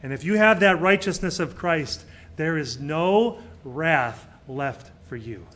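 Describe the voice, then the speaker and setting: A middle-aged male pastor preaching a sermon, swinging between loud emphatic peaks and quiet, soft passages. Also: high voice.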